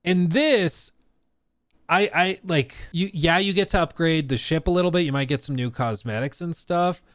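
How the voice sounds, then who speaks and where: A man's voice: a little high, moderate pace, a bit bright, no room sound, studio quality. Chatty man reacting to a video. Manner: talkative, rambling with restarts and fillers. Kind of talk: casual reaction commentary.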